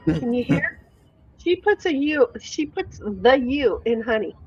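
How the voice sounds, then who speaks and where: Woman host, casual stream chatter, higher voice, dry lo-fi mic, reads chat, swears. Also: very animated, a little slow, breathy edge. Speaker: livestream host. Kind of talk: casual chat reading viewer comments.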